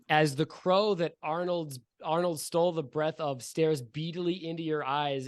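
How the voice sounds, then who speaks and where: Man, game master, slightly high voice, vivid profane narration, rules asides. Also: no echo. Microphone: home microphone for an online session.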